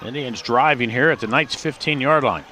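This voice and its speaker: A man doing play-by-play commentary for a high school football game, his voice rising and growing louder on big plays. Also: moderate pace, some chatter behind, a little hiss or hum. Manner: rises in pitch and volume on big plays. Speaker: play-by-play announcer. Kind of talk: sports commentary.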